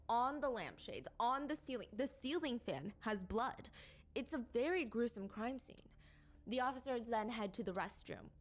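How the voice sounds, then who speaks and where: A woman narrating a true crime case in a measured, descriptive storytelling manner. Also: medium pitch.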